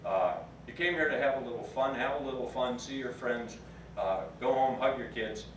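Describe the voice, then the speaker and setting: A man's voice: mid-range voice, moderate pace, fairly bright tone, a little hiss or hum. A man in his fifties giving a folksy, plain-spoken storytelling speech at a class reunion, sometimes choked up. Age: 50s. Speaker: reunion speaker. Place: large room at a class reunion. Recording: echoey room, picked up from a distance.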